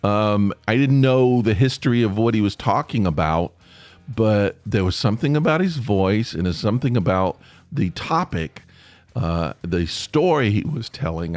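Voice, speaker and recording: Podcast host, male, low voice with a lively swing, chatty and rambling, dry close mic with faint music under. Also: dry recording. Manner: rambling, chatty, with many fillers and restarts. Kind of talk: casual solo podcast monologue.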